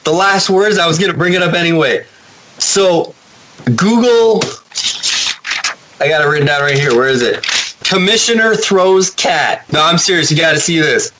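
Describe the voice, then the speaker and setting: A man chatting casually as a podcast guest, rambling and animated, swearing now and then. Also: a little high, moderate pace, pauses often, noisy background. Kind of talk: casual chat.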